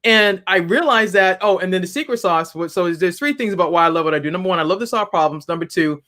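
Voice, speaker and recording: A woman business founder as a guest on an interview show, talking in an animated, humorous way with frequent restarts. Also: on the low side, fast. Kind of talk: interview conversation.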